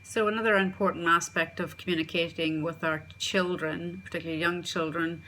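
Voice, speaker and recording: A woman with a notably low voice gives parenting advice in a steady instructional talk. She is earnest and circles back to repeat her key points, with a faint hiss of noise behind her. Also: brisk. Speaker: parenting coach.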